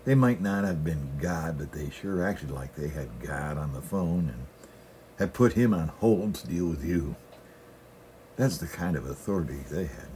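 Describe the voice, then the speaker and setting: A man's voice: a bass voice, animated, a little slow, dark tone, slight background noise. A middle-aged male pastor giving a sermon in a folksy storytelling manner, often opening his sentences with "well".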